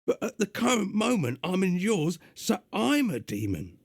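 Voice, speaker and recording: A man voicing a gruff, impatient male demon magician with a London accent. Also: high voice, wildly swooping pitch, moderate pace, no echo, voice pushed up, exaggerated voice. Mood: exasperated. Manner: gruff, exasperated.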